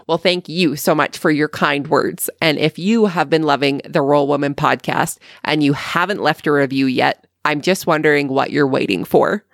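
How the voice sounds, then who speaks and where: A Canadian woman hosts a podcast and reads her intro and promos in an upbeat, chatty way. Her voice has a gravelly edge. The sound is close and dry, with no room around it. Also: low-pitched, normal speed, few pauses, no room sound. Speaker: podcast host.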